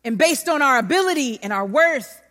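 A woman's voice: sits high, normal speed. A woman preaching a sermon, telling a personal story and acting out the voices of the people in it. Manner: animated, acts out voices in her story. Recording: long hall reverb.

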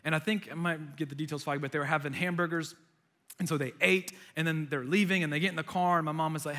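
A young American man preaching a sermon, telling stories with animated delivery and acting out voices. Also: a little high, fast. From United States. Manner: animated storytelling, acts out voices. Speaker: pastor.

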